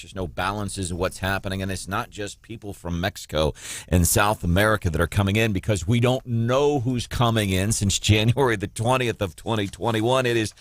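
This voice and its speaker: A man's voice: on the low side, no room sound. A man hosting a morning talk radio show, giving sarcastic, combative commentary on the news. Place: radio studio.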